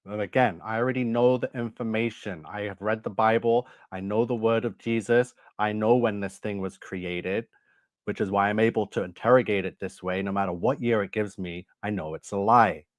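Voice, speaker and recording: A man's voice: fairly low pitch, steady tone, normal speed, no echo. Intense man in a dry-sounding room. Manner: intense, emphatic, insistent. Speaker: online video host. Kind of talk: religious commentary on an AI chat.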